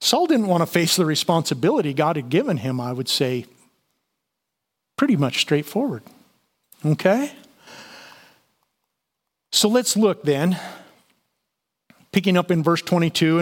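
A man preaching a conversational sermon, reading and explaining scripture with frequent fillers and restarts. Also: on the high side. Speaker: pastor.

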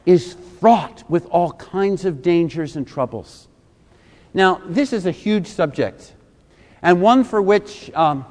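A man's voice: fairly high pitch, darkish tone. A man in his fifties preaching a sermon as pastor, emphatic and fond of repeated rhetorical questions. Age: 50s. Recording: long reverb of a large hall.

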